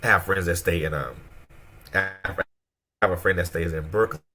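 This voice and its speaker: A man with a Southern American accent chatting casually on a radio show, telling stories with animated quoted voices. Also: sits low, fairly quick, a little hiss or hum. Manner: animated storyteller, acts out quoted voices, laughs often. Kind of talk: casual chat.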